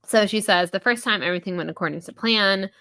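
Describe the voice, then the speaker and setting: A woman hosting a podcast, chatting casually about a book, full of fillers and quick voiced quotes from the characters. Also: medium pitch, pushed and bright, dry recording. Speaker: podcast host. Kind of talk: casual book review chat.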